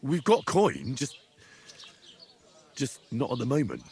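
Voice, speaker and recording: An actor voicing a plainspoken young hero with an easygoing, agreeable manner. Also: male voice, mid-range voice, huge pitch swings, slow pace, creaky, darkish tone, a little hiss or hum, exaggerated voice. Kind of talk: video game voice acting.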